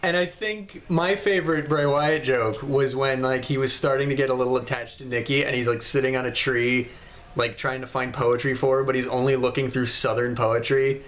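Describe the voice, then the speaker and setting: A man chatting as a podcast guest in a relaxed, amused way. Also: mid-range voice, moderate pace. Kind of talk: casual podcast chat.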